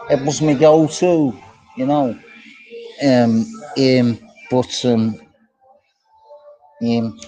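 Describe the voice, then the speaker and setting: A man's voice: fairly high pitch, warm tone, rough recording. A man co-hosting a casual livestream, greeting viewers by name and bantering in a jokey, sweary way. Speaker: livestream co-host. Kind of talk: casual live-stream chat reading comments. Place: outdoors in a park.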